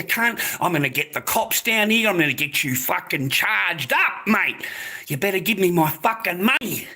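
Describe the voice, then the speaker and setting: An older Australian man ranting in a profane monologue, aggressive and swearing constantly with loud outbursts. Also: sits high. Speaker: vlogger.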